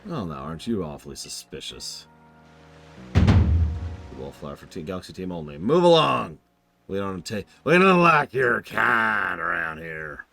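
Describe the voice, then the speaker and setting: A man's voice: sits low, very animated, unhurried, creaky, pushed and bright, faint music behind, exaggerated voice. A man voicing a suspicious, unfriendly male gate guard in a video game, speaking brusquely. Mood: hostile. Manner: brusque and hostile.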